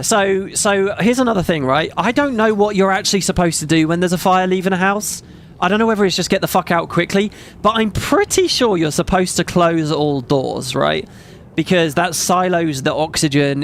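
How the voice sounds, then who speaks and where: A man's voice: a little high, fairly bright tone, a little hiss or hum. A man telling a story in a casual vlog, rambling and emphatic, swearing freely. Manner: rambling, profane, emphatic retelling. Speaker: gaming video creator.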